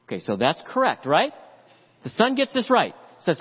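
A man preaching a sermon as pastor, animated and acting out voices in the story. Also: mid-range voice, normal speed, slightly rough. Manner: animated preaching, acts out the father's voice. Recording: dull lo-fi audio with long hall reverb.

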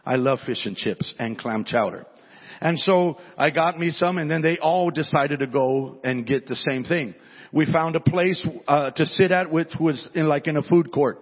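A man's voice: fairly high pitch, moderate pace, breathy edge. A male pastor telling a story in his sermon, in a conversational way that often repeats words at the start of sentences. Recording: dull sound with long hall reverb.

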